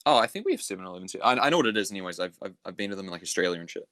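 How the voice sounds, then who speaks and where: Laid-back New Zealand man, low voice. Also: lively intonation, racing, bright, forceful tone, no echo. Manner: laid-back, loose and swearing, many fillers. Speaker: podcast guest. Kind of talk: casual chat.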